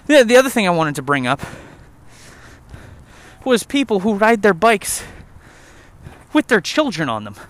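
Young guy ranting outdoors on a walk, swears a ton, kinda high voice, jokey and rambly. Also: big pitch swings, a little slow, pauses often, a bit bright. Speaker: vlogger. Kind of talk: casual rant while walking. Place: outdoor trail.

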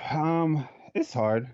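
A man's voice: fairly high pitch, lively intonation, very slow, a little mellow, no echo, lo-fi sound. A man from Jamaica who is a professional fighter, talking in a loose, casual way and swearing freely. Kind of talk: casual interview chat.

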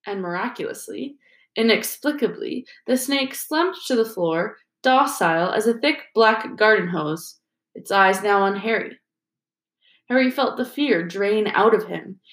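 A woman narrating an audiobook in a steady storytelling manner. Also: mid-range voice. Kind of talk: audiobook reading. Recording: roomy echo.

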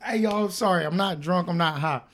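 A man's voice: high voice, fairly quick, a bit bright. A young man co-hosting a podcast in casual chat, rambling with stammered restarts and plenty of slang and cursing. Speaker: podcast co-host.

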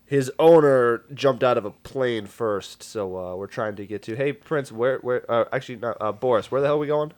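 A man's voice: medium pitch, moderate pace, few pauses, darkish tone. A man playing a tabletop game, joking and casually swearing. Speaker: player.

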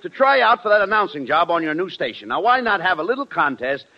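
Straight man, 1940s radio, gravelly and high, scolding tone, hissy lo-fi broadcast. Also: sing-song, quick pace. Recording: noisy dull old radio broadcast.

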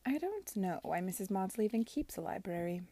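A man's voice: high voice, big pitch swings, brisk, mellow, no echo, heavily acted. A woman reading aloud as a worldly, amused lady in her early forties, dry in manner, in a storybook reading.

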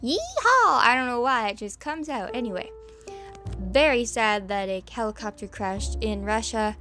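A woman's voice: medium pitch, normal speed, music in the background. A woman with a Southern American accent reads news stories, stumbling over names and adding sarcastic asides. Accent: American Southern, slipping in. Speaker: podcast host reading news. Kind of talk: casual news commentary.

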